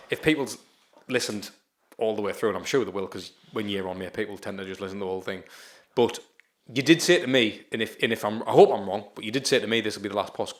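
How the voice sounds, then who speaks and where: A man hosting a casual podcast who talks very fast. He chips in with "mate" and "aye" and encourages his guest. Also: on the low side. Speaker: podcast host.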